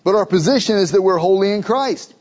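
High-voiced man preaching a sermon. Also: brisk, a little mellow, highs cut off. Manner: emphatic preaching, rising to urgent questions. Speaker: pastor.

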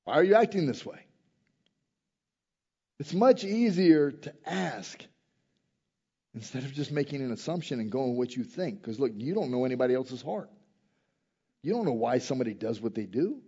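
A man preaching a sermon, moving between quiet reflective passages and loud, emphatic rises, often asking his listeners direct questions. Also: medium pitch, lively intonation, moderate pace, husky, lo-fi sound.

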